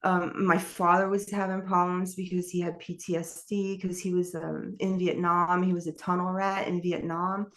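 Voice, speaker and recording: Middle-aged woman, from New York, interview guest, personal testimony, candid and rambling, slightly low voice. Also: flat delivery, moderate pace, hardly any pauses, fairly bright tone. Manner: candid, rambling storytelling with frequent laughs.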